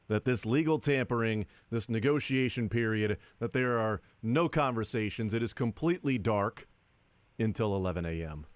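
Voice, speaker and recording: A man hosting a sports talk radio show, speaking into a studio microphone with a dry, sarcastic, deadpan manner. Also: lowish voice, normal speed, no room sound.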